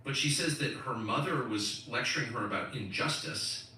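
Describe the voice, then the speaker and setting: A middle-aged man hosting live commentary, talking in quick, emphatic, incredulous bursts. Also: medium pitch, bright, forceful tone, very echoey, recorded from a distance, slight background noise, poor audio. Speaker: host.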